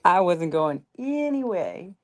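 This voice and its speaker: A woman with a very low voice joins a casual chat. She answers briefly in a flat, offhand way. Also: slow, a little hiss or hum.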